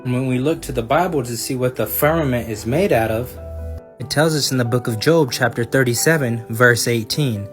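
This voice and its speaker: A man's voice: medium pitch, normal speed. Earnest man narrating over guitar. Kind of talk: scripted narration with Bible quotes. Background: guitar music.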